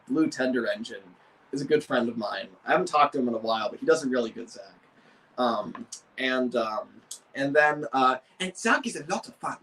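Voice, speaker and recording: A man's voice: medium pitch, vocal fry, a bit bright, far from the mic, a little hiss or hum, poor audio. A young man hosting a model-building video, chatting casually and rambling with frequent restarts. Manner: rambling, many fillers and restarts. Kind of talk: casual chat.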